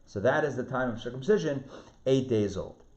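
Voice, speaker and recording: A man, a rabbi, teaching an online Torah class, lively, restarting phrases and asking his students questions. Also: mid-range voice, a little fast. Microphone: video call. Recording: roomy, muffled video-call audio.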